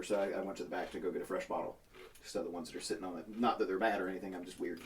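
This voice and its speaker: A man's voice: fairly low pitch, quick pace, recorded from a distance, a little hiss or hum. A man on a podcast telling a long story in casual chat among friends, swearing freely and acting out what other people said. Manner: profane, animated, acts out quoted people. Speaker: podcast co-host.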